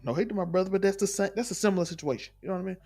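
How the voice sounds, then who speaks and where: Husky man giving an opinion monologue. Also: high-pitched, rapid-fire, darkish tone, faint music behind. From Mississippi, US. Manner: emphatic, rambling, repeats points. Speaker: commentator in clip.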